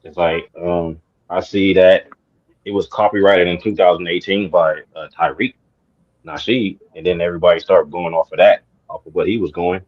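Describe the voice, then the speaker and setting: A man's voice: deep voice, steady tone, moderate pace. A man on a talk-show panel, speaking hesitantly with many halts and restarts, sounding confused. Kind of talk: casual discussion. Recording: dull lo-fi sound.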